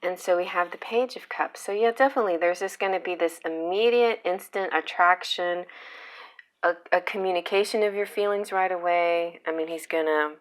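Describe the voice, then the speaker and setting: Woman, tarot reader, lower pitch; casual, chatty, playful, laughs easily. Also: normal speed. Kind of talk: casual pick-a-card tarot reading.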